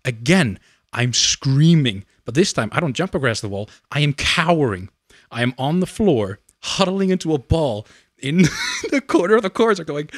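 A man's voice: brisk, dry recording, studio quality. Laughing young man telling a story. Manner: animated, laughing, shrieks in high voice when reenacting screams. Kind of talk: casual storytelling chat.

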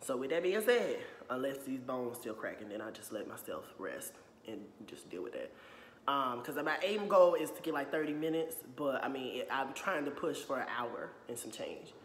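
A young man talks to his viewers in a heated, blunt vlog rant, swearing freely and leaning on "you know what I'm saying" after nearly every line. His voice sits at a middling pitch. It rings with echo and a long tail of reverb from a bare room. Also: sing-song, normal speed, fairly bright tone, slight background noise. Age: young adult. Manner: blunt and profane. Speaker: YouTuber. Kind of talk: casual opinion vlog.

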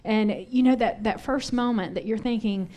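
A woman's voice: a little high, moderate pace, mellow. Middle-aged woman, church speaker, candid storyteller, conversational sermon, asks the room questions. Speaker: pastor's wife teaching on parenting. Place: church sanctuary.

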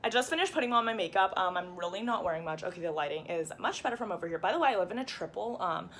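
A woman's voice: lowish voice, expressive, very fast, fairly bright tone, slight background noise. A young American woman vlogging casually to camera, chatty and full of likes and ums, filming herself on a handheld phone. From United States. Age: young adult. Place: dorm room, then walking outdoors around campus.

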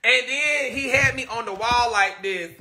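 Man, live-stream storytime, animated, laughing, addresses viewers, high voice, very bright tone. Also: unhurried.

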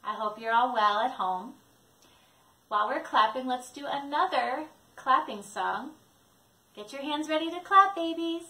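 A woman librarian leading babies and caregivers through songs and rhymes, gentle and encouraging in a sing-song manner. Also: fairly high pitch, a little slow, long pauses. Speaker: children's librarian leading baby time. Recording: echoey room, distant mic.

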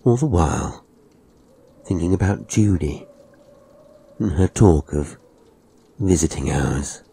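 A man narrating a ghost story audiobook in a measured, atmospheric way. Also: deep voice, animated, mellow, slightly rough. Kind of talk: scripted horror audiobook narration.

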